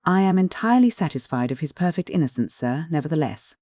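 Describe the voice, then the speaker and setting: Male minor canon, as a narrator puts him on: earnest, submissive, pleading, pitched well above the narrator. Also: animated, quick pace, darkish tone, no room sound, clean studio sound, lightly acted.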